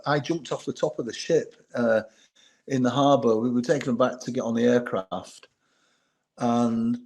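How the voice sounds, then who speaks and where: A man, a former bodyguard telling candid, lively anecdotes as a podcast guest. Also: mid-range voice. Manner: candid, animated anecdotes with laughter. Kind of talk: storytelling in a podcast interview.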